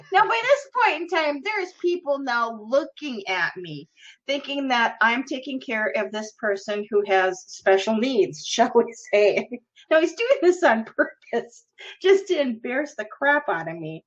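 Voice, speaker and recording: On a lo-fi recording, a woman hosting a podcast tells a story in a casual, giggly, chatty manner. Her voice is on the high side and sing-song, and she speaks unhurriedly.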